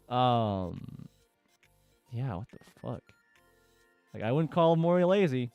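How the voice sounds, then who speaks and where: A man's voice: mid-range voice, animated, slow pace, long pauses, no room sound, faint music behind. A man casually reading forum posts aloud and commenting, with lots of fillers and chuckles. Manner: chatty, with frequent fillers and laughter.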